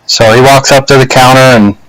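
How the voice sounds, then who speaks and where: A man casually telling a personal story to a webcam, unhurried, with frequent pauses and fillers. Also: mid-range voice, fairly even intonation, fairly bright tone, dry recording, poor audio. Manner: unhurried, halting, many "uh" and "you know" pauses. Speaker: speaker giving a practice speech. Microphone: laptop webcam.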